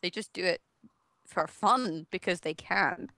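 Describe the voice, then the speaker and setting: Scottish woman, podcast guest, casual chat, animated, dry sound. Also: lowish voice, a little slow, no echo. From Scotland. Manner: laughing, animated storytelling.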